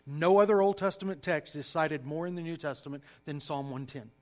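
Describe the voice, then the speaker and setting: Animated Southern preacher, higher voice. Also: male voice, brisk. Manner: animated, emphatic, folksy asides. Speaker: preacher teaching a class. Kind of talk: sermon-style Bible teaching.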